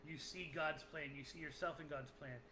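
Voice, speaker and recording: A man's voice: on the high side, steady tone, normal speed. A man with a Boston accent co-hosting a podcast, chatting casually, joking and often cutting in. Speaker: podcast co-host. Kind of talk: casual chat. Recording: echoey room with faint noise.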